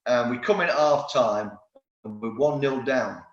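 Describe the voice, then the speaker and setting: A man's voice: medium pitch, normal speed. Former footballer guy in his 50s spinning long stories, roomy kinda dull recording. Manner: lively storyteller, rambling with restarts. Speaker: former footballer, podcast guest. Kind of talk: casual anecdote-telling interview.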